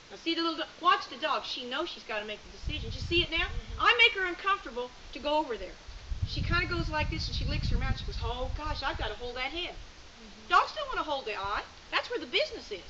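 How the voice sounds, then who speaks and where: A woman's voice: high voice, sharp tone. A woman, coaching a student as a sheepdog trainer at an outdoor clinic, directive and chatty, explaining as she goes. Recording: muffled outdoor recording with hiss.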